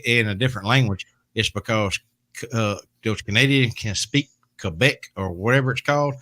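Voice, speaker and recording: Host, bright tense voice, folksy halting storytelling. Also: male voice, fairly low pitch. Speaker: podcast host. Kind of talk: casual chat.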